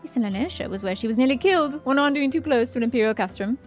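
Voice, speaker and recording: A fussy, pompous old-fashioned professor, as a woman puts him on while reading a fantasy game's dialogue aloud. He talks in a formal, stiff way, with faint music underneath and a fairly high voice for the part. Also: lively intonation, rapid-fire. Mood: prim.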